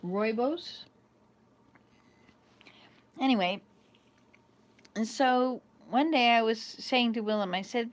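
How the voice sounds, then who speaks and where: A woman's voice: a little high, takes it slowly, long pauses. Chatty, laughing woman in her fifties. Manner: rambling, chatty storyteller who laughs often. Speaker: vlog host. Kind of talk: casual chat to camera. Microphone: small camera.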